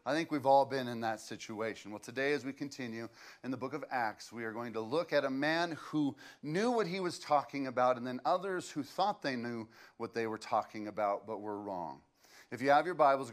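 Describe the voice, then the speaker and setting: A man's voice: mid-range voice, animated, moderate pace. A man, preaching a sermon as a pastor and telling stories in a loose, conversational way with fillers.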